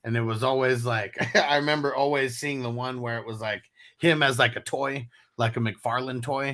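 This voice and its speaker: A man's voice: medium pitch, fairly even intonation, normal speed, fairly bright tone. A man hosting a casual sports chat, telling stories with lots of laughter and fillers. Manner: chatty, laughing storyteller, many fillers. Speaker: host.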